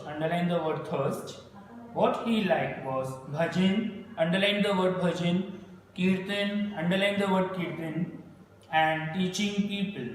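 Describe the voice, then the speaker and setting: A high-voiced man leads a classroom reading lesson. He reads slowly and deliberately, breaking off to define words and repeat instructions. The mic sits far from him in a very echoey room with a long tail of reverb. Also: a little hiss or hum. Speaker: teacher. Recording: echoey distant room recording.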